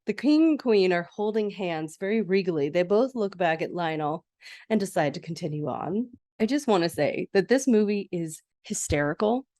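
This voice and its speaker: Lady podcaster gushing over an old movie, lowish voice, lots of oh my gosh energy. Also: normal speed. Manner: chatty, excitable, laughing asides. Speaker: podcast host. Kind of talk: casual movie rewatch recap.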